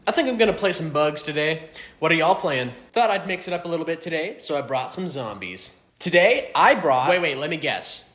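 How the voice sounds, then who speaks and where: Animated bright-voiced man doing sketches. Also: fairly high pitch, brisk. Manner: animated, sarcastic. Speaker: comedy sketch creator. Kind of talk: comedy sketches.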